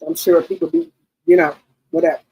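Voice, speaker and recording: A middle-aged woman hosting a livestream, telling stories in a casual, animated, slangy chat and often repeating herself. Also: high-pitched, brisk, gravelly, a little hiss or hum, rough recording. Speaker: livestream host.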